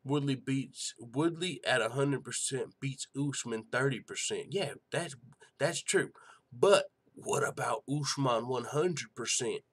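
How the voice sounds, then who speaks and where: A man hosting a casual live-stream show and reading out chat, talking in a profane, excitable way full of rhetorical questions. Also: medium pitch, unhurried, slightly rough.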